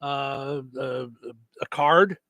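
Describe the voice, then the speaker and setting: A man's voice: mid-range voice, very slow, pushed and bright, no room sound, studio quality. A man co-hosting a radio show in casual chat, with many fillers and restarts.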